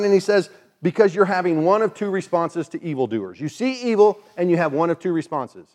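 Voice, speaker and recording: A pastor preaches a sermon in a relaxed, conversational style at a brisk pace. His voice sits slightly high, and he briefly mimics the voices of people he quotes.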